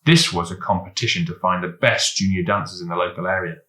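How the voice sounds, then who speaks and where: A man reads a children's storybook out loud with lively, expressive energy and a quick pace. His low voice still sounds bright and forceful. The recording has the echo of a large, roomy space.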